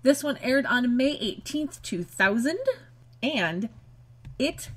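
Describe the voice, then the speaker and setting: A woman's voice: a little high, animated, takes it slowly, a bit bright. A woman co-hosting a podcast in casual chat from a home room, dry and steering the talk back on track. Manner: dry, keeps the show on track. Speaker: podcast co-host. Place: home room being moved out of.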